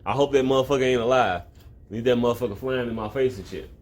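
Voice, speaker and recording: This fast-talking man has a medium-pitched, slightly mellow voice. He hosts an online video from home, where a cat is present, delivering loose, swear-heavy comedic commentary that often trails off mid-thought.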